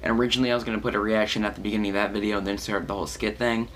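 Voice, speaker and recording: A man's voice: lowish voice, level tone, rapid-fire, fairly bright tone, slight background noise. A man hosting a casual reaction video, talking in a rambling, easygoing way with many fillers. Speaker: host.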